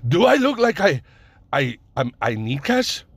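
A man voicing an indignant male stranger in a parking lot, with a clumsy put-on foreign accent and a high, strained, insistent way of speaking. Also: sing-song, unhurried, exaggerated voice.

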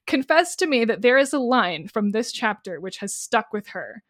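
A woman's voice: a little high, sing-song, normal speed, dry recording, clean studio sound. A woman co-hosting a casual book discussion podcast, eagerly summarizing chapters. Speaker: podcast co-host.

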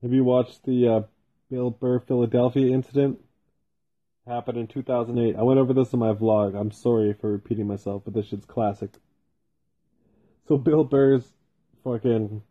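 A man hosting a solo podcast from his basement, rambling casually and swearing constantly. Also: mid-range voice. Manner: profane, rambling, heavy swearing. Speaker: podcast host. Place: home basement. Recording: tinny phone-like sound.

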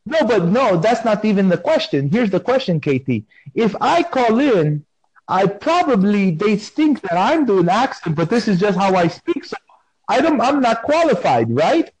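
A man's voice: sits high, big pitch swings, moderate pace, darkish tone, slightly rough, dry recording, low-quality recording. A man hosting a podcast in a casual, playful, rambling way, talking with mock seriousness. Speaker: podcast host.

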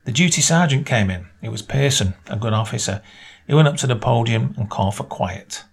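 A man reading a short story aloud as narrator, in a measured storytelling manner. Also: expressive, gravelly, breathy edge. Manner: measured storytelling, voices dialogue with small pitch lifts.

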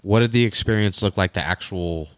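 A man's voice: fairly low pitch, fairly quick, no echo, clean studio sound. A man hosting a podcast, asking easygoing, meandering questions. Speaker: podcast host. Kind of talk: casual interview chat.

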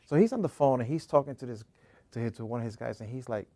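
Fast-talking man telling a rambling story. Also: medium pitch, no room sound. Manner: rambling storyteller, restarts and animated quoting. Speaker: podcast co-host. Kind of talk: casual chat.

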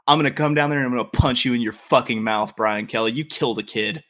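A man's voice: mid-range voice, brisk, hardly any pauses. A man with a Southern accent from Louisiana, hosting a casual sports podcast and ranting with lots of swearing. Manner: profane, animated ranting. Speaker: podcast host.

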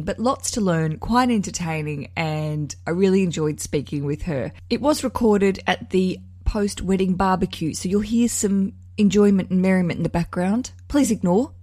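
A woman's voice: lowish voice, a little mellow, no echo, clean studio sound. Chatty Australian woman podcast host. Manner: chatty, self-deprecating, laughs easily. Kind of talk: casual podcast chat. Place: outdoors at a party for the interview.

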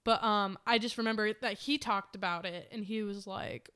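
Chatty young-sounding woman, smooth voice. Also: medium pitch, fairly even intonation, normal speed, few pauses, fairly bright tone. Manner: enthusiastic, chatty, laughs often. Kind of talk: casual chat about a film.

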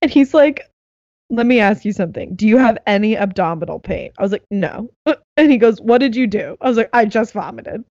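A young woman telling a story in casual chat, animated and laughing, acting out what others said. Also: mid-range voice, fairly quick, no echo, muffled recording. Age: young adult.

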